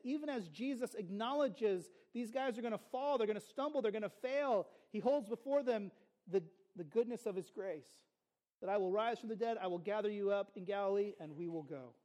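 A pastor delivering a sermon in a notably high voice. He talks earnestly and conversationally, slipping in playful asides for his listeners. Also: warm tone.

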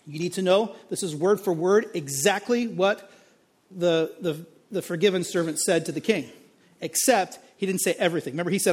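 A man's voice: high voice, moderate pace. A male pastor preaching a sermon on a parable, acting out the characters' lines with dramatic emphasis.

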